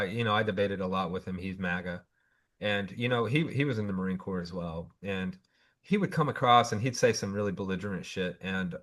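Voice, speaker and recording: Blunt, profane Southern host. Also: male voice, lowish voice, a bit bright. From Southern United States. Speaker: podcast host, Marine veteran. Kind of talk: casual podcast interview.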